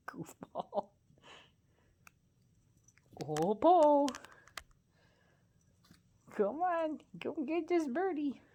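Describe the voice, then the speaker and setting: A woman's voice: high voice, creaky, dark tone. A woman talking to her pet bird in affectionate baby talk, often laughing and slipping into whispers. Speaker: pet owner.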